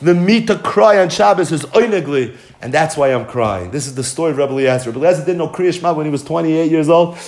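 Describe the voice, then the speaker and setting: A man with a high-pitched voice delivers an impassioned Torah storytelling lesson. He keeps working Hebrew terms into his English and pushes his voice up in excited bursts to stress key points. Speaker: rabbi teaching a story.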